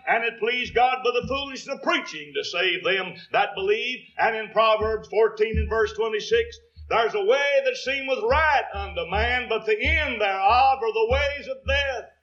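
A man's voice: high voice, a bit bright, muffled recording. A man preaching a sermon, quoting scripture in King James wording and building to emphatic peaks.

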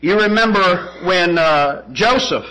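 A man's voice: sits high, slow, bright, forceful tone, poor audio. A man preaching a sermon, emphatic, with rhetorical questions and repeated phrases.

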